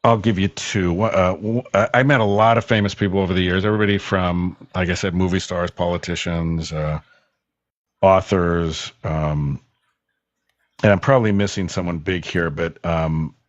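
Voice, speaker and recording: Deep-voiced man telling radio stories. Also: fairly even intonation, moderate pace, no echo, highs cut off. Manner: rambling, enthusiastic anecdotes with many fillers. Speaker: guest, former radio host. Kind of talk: casual storytelling in a call-in show.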